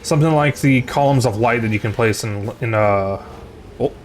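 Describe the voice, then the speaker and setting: A man's voice: medium pitch, moderate pace, slight background noise. A sleepy man streaming a video game, rambling and muttering to himself with frequent restarts. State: sleepy, yawning. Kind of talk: casual gaming commentary.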